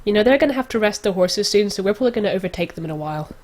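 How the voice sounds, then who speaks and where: A woman's voice: medium pitch, lively intonation, rapid-fire, darkish tone, natural voice. A woman voicing a sardonic female wasteland traveler in a tabletop game.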